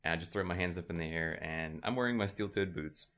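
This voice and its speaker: A man telling a profane story in casual chat, growing loud and laughing as it builds. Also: low voice, fast. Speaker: storyteller on a podcast.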